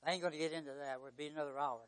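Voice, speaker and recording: A man preaching a sermon, swinging from near-shouts down to a hush. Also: a little high, steady tone, rapid-fire. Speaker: pastor.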